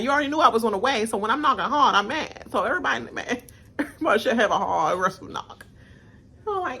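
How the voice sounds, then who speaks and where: Chatty woman reacting with lively swings. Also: fast, gravelly, husky. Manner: chatty, laughs often, acts out cast members' lines in high squealing voices. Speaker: reaction channel host. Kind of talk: casual live-watch reaction commentary.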